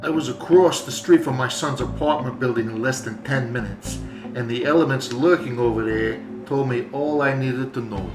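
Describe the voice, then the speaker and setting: A man's voice: medium pitch, normal speed, close to an everyday voice. A man voicing a wisecracking mob-dog narrator. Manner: deadpan wisecracking. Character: gruff male German Shepherd mob father, wisecracking noir narrator. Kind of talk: hard-boiled comedic narration. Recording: roomy echo, faint music.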